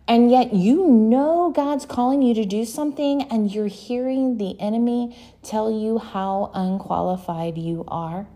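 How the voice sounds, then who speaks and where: A woman's voice: a little high, a little slow, mellow. A woman preaching a sermon, earnestly exhorting her listeners with direct questions.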